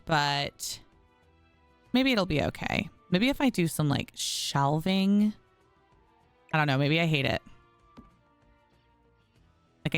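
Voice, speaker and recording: Chatty low-voiced woman streamer. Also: clear, resonant tone, no echo. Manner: chatty, frustrated, talks to viewers as y'all. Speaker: gaming streamer. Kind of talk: casual gameplay commentary.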